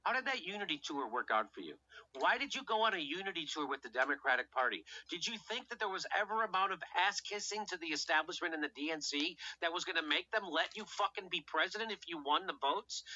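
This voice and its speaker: A man's voice: fairly high pitch, sharp tone. A man hosting a political show, ranting heatedly and sarcastically, swearing often and firing off rhetorical questions. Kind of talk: profane political commentary rant. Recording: dull lo-fi recording.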